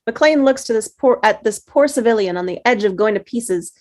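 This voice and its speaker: Woman reading stage directions, even tone. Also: on the high side, moderate pace. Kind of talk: table read narration over video call.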